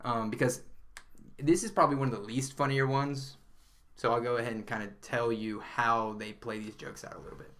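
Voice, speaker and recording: A man co-hosting a podcast, rambling through an animated retelling with lots of fillers and laughter. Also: mid-range voice, a little fast. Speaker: podcast co-host. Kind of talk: casual chat.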